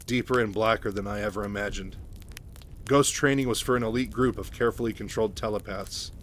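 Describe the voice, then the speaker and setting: A man voicing a guarded, blunt female telepath soldier in a measured low voice. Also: fairly even intonation, fairly bright tone, slight background noise, close to an everyday voice.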